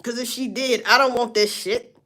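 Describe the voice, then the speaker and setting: A woman's voice: a little high, moderate pace. A woman, ranting casually to viewers, swearing and telling stories with laughs. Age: 40s. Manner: loud, swearing, animated storytelling with laughs.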